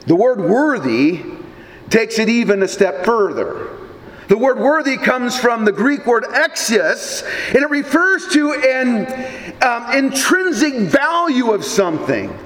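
A male pastor delivering a sermon, telling a story in an animated, deliberate manner. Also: very high voice, reverberant, big-room sound.

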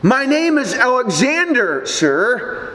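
A man's voice: extremely high pitch, big pitch swings, slow, bright, forceful tone, big-room sound, full character voice, rough recording. A man doing a meek, quivering young soldier. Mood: terrified.

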